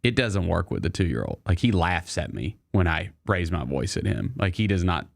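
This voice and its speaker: Young guy co-host, kinda low voice, laid back and agreeable. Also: sing-song, moderate pace, gravelly. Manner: easygoing, agreeable. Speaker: sports show co-host. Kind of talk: casual chat.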